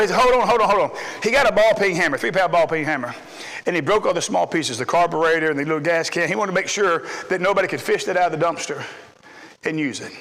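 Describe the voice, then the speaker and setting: A middle-aged man, preaching a folksy sermon full of stories, swinging between loud emphasis and low asides. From Texas. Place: church sanctuary. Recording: long hall reverb.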